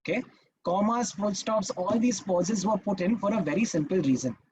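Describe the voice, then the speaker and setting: Emphatic trainer on a call. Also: male voice, high voice, moderate pace, background noise. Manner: emphatic and instructive, checks in with "Okay?". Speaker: public speaking trainer. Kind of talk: live online masterclass. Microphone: video call.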